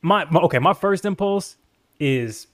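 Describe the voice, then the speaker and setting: Rambling, animated man chatting. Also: high voice, unhurried. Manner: rambling, animated storytelling with profanity. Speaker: podcast co-host. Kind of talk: casual reaction chat.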